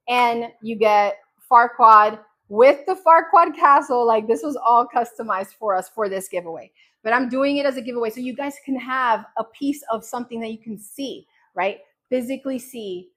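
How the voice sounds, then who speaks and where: Woman host, casual craft livestream, slightly high voice, animated storyteller. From New Jersey.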